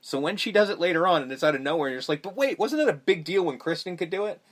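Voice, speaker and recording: A man hosting a podcast, chatting casually about a film in a rambling, profane way that gets animated when he mocks scenes. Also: fairly high pitch, fast talker. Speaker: podcast host. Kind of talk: casual movie review chat.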